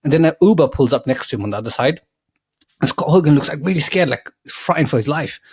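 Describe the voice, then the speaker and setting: A young man on a podcast, telling a rambling comic movie pitch full of swearing and acted-out lines. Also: lively intonation, fast, slightly rough, dry recording. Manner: swearing, laughing, acting out quoted lines. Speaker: podcast co-host. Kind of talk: rambling comedic story pitch.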